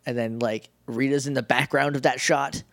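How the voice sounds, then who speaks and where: A man's voice: medium pitch, steady tone, moderate pace, dry recording, studio quality. A man co-hosting a podcast, recapping an episode in casual chat, rambling, laughing often and acting out the characters' lines. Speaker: podcast co-host.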